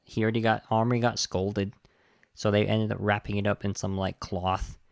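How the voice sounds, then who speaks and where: Male podcast host: low, gravelly, dry sound, animated and indignant. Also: normal speed, no echo. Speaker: podcast host reviewing a film. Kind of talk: casual film review chat.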